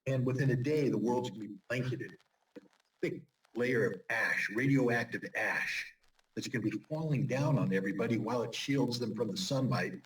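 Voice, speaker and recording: A man's voice: medium pitch, moderate pace. A man as an interview guest, giving urgent, emphatic warnings in a commentary style. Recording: distant mic with faint noise.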